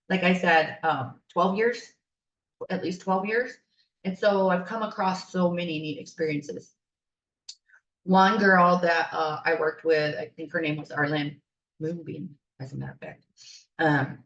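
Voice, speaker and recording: A woman's voice: fairly low pitch, a bit bright. A woman spiritual coach telling stories in a casual, chatty and enthusiastic podcast style, rambling along as she goes. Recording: roomy, distant, dull sound.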